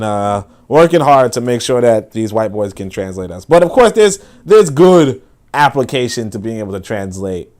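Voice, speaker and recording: A man hosting a casual podcast, reading viewer comments aloud and riffing on them. His delivery is loose and joking, full of fillers, restarts and asides, at an ordinary middle pitch. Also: a little mellow. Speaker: podcast host.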